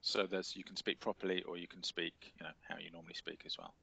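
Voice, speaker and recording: A man's voice: sits low, flat delivery, fast talker, gravelly, bright, forceful tone, breathy edge. A man with an English accent teaching a literature class, explaining in a hesitant way with many fillers. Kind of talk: classroom lecture and discussion.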